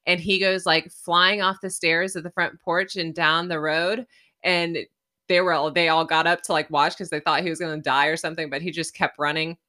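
Low-voiced, bright woman podcaster. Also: normal speed. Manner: chatty, animated, laughs often. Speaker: podcast co-host. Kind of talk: casual storytelling.

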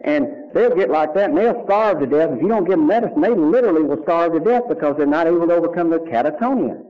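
A middle-aged man with a Kentucky accent, an animated storyteller giving his personal testimony at a recovery meeting who drops to hushed tones for serious moments. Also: on the high side, fast talker. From Louisville, Kentucky. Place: meeting room before a live audience. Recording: lo-fi early 1990s tape recording.

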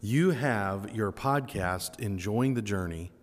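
A man hosts a casual podcast interview indoors at a summer camp, friendly and eager, dropping in lots of affirming interjections. His voice is lowish and slow-paced, and the room gives a roomy echo with long reverb.

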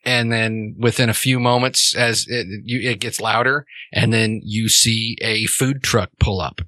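Brief: male game master, bright voice, dry close sound, loose meandering narration. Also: fairly low pitch, measured pace, dry recording. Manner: relaxed, rambling with fillers. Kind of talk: narrating a tabletop role-playing game.

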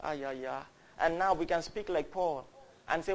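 Brief: male preacher, high voice, fervent storytelling sermon. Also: moderate pace. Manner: fervent, builds to loud cries, storytelling.

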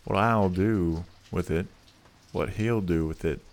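A man voicing a surly young male journeyman blacksmith who talks gruffly and growls. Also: sits low, slow pace, exaggerated voice.

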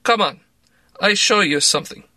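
A man voicing a blunt, businesslike woman producer who speaks flat, clipped broken English. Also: sits high, moderate pace, dry recording, pitched above the performer's own voice, heavily acted.

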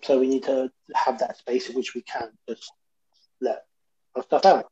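Podcast guy, warm mellow voice, bit hesitant, dull lo-fi audio. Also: mid-range voice, little pitch movement, normal speed. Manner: heartfelt, hesitant, fillers. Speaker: podcast co-host. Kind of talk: casual podcast chat.

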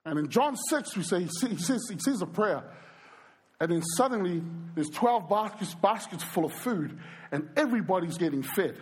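A male preacher telling stories during a sermon, animated and speaking straight to the crowd. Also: sits high, normal speed, husky. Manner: animated storyteller who acts out quoted voices and addresses the crowd. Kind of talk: storytelling sermon.

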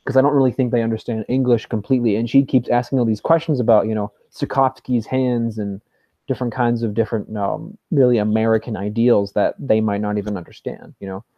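A man's voice: medium pitch, steady tone, fairly quick, dry recording, dull audio. A man talking as a guest on a casual podcast, hesitant with many ums, sometimes humming a melody.

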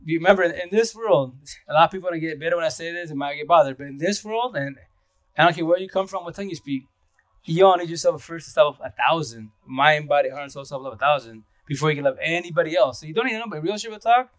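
Casual livestream host, male, rambling and slangy, quick delivery with frequent laughs. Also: a little high, dry recording. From Eastern Washington, USA. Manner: rambling, slangy, laughs often, greets viewers.

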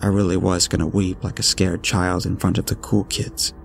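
Deep gravelly man narrating horror. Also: little pitch movement, moderate pace, a little hiss or hum. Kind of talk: scripted narration. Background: faint music.

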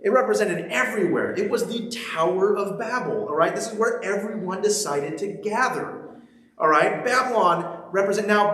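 A man's voice: high-pitched, a bit bright. A man preaching a sermon, reading scripture and then talking with the congregation in a conversational, humorous way, often checking in with them. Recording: very echoey large hall.

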